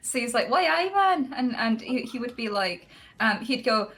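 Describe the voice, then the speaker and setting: Woman telling a lively story. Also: fairly high pitch, normal speed. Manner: animated storyteller, slips into voices for quotes. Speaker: streamer guest. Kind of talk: casual storytelling chat.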